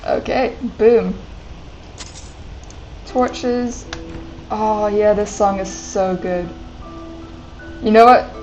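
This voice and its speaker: A woman's voice: medium pitch, a little mellow, muffled recording. Young woman streamer, giggly chatty commentary, faint game music underneath. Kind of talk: casual gameplay commentary.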